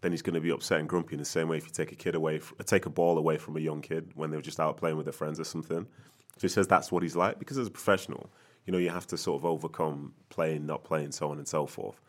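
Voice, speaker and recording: A man with a very deep voice talks fast in a casual podcast chat. He works through his points at length, repeating words as he goes. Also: steady tone. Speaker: former footballer pundit.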